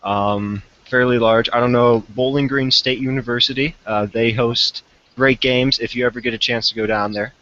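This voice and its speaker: A man's voice: medium pitch, fairly even intonation, normal speed, a bit bright. A young man as a podcast guest, chatting casually and a little hesitantly, with fillers and a self-deprecating manner. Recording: dull lo-fi remote call audio.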